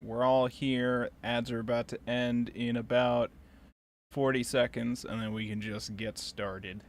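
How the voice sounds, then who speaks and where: A woman's voice: very deep voice, fairly even intonation, measured pace. A woman hosting a casual book club voice call, laid-back and teasing, laughing often. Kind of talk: casual group chat on a call.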